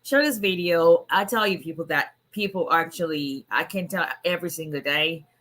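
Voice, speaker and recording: A hoarse woman immigration attorney on a casual livestream, chatting and greeting viewers by name. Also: on the low side, normal speed, fairly bright tone. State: hoarse, voice nearly gone.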